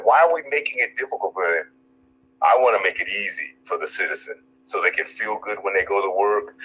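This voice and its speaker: A man's voice: fairly low pitch, sharp tone, muffled recording, a little hiss or hum. A man running for office, answering interview questions in an earnest, rambling, emphatic way. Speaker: political candidate.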